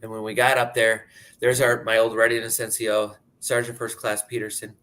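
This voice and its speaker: A man's voice: fairly low pitch, monotone, a little fast, fairly bright tone. A man in his thirties from Pennsylvania, telling his personal story in a candid, conversational way, often saying "like". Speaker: speaker sharing his story.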